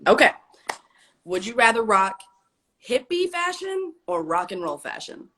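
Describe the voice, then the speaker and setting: A woman's voice: on the high side, very animated, unhurried, sharp tone. A woman hosting a casual interview, upbeat as she leads the questions. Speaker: host.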